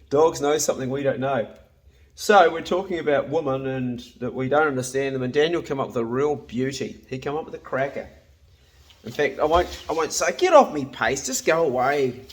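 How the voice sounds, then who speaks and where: Speaking at normal speed in a medium-pitched voice, a Kiwi man in his fifties who vlogs about hunting and cooking talks casually to the camera from his home kitchen. He's blunt, laughs easily, and swears freely.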